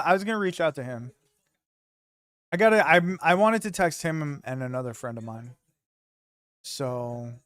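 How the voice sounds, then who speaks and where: Casual male streamer at home, joking banter, slightly high voice, dry close sound. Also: fairly bright tone, no room sound. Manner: loose, joking banter with frequent swearing. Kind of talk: casual chat with live viewers.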